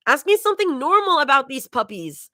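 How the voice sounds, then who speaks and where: A woman's voice: sits high, very animated, brisk, sharp tone, no echo, studio quality, voice pushed up, full character voice. Zoe, a woman reading as an eager sea-life enthusiast. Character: excited young woman who lectures about sea creatures.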